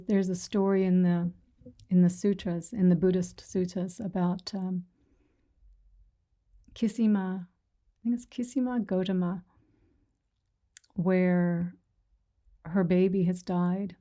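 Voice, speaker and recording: Woman meditation teacher, dark tone, even delivery, soft and reassuring, slips into whispers. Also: on the low side. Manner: gentle, reassuring, soft-spoken; retells stories with quoted voices. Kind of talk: dharma talk to a sangha.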